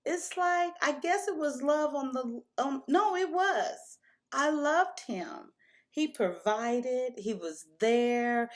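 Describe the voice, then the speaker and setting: A woman's voice: high-pitched, lively intonation, slow pace. A woman telling a personal story to camera in a candid, casual way, stopping and restarting as she remembers. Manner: candid, emotional retelling with frequent restarts.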